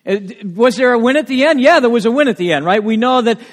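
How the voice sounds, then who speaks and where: A man preaching a sermon with emphatic delivery, rising to loud urgent points and dropping to hushed, quiet lines. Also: very high-pitched, animated, quick pace. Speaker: pastor. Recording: long hall reverb.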